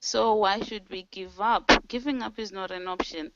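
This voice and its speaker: A woman's voice: medium pitch, steady tone, normal speed, lo-fi sound, heavy background noise. A woman leading a team video call, giving an earnest, preachy motivational talk that cites scripture. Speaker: team leader hosting an online call.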